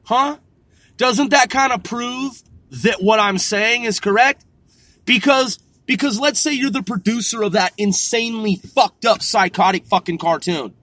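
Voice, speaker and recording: Man with a high, bright voice, heated sarcastic rant, heavy cursing, in his car. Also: a little slow, no room sound. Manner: heated, sarcastic, swears constantly. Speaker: podcast host. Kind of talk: profane ranting monologue.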